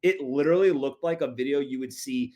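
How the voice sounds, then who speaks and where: A man co-hosting a podcast, explaining news items in quick, offhand casual chat. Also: mid-range voice, darkish tone. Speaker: podcast co-host.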